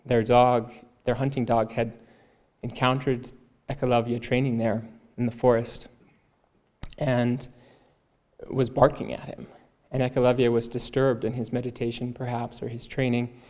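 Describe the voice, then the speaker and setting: A man at a Sunday service, retelling a devotional tale in a calm, earnest sermon. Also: mid-range voice, moderate pace. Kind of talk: sermon storytelling.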